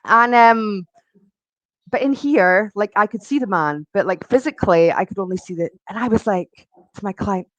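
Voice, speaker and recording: A woman in her forties speaks as an interview guest, recounting her life in a loose, rambling way with plenty of ums and likes. Her voice sits at a middling pitch and is recorded close and dry, with no room sound around it. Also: normal speed, no echo, lo-fi sound. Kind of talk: personal storytelling in conversation.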